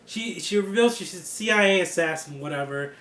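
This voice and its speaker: A man giving a casual, excitable review of a TV series, laughing often and swearing freely. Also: high voice, a little fast, reverberant. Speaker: TV show reviewer.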